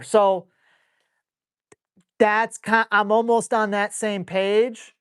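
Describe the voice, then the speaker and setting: A blunt male dog trainer answering viewer questions live. He talks in an excitable, salty way and keeps jumping into quick acted-out asides. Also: high voice, clean tone. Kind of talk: live Q&A stream.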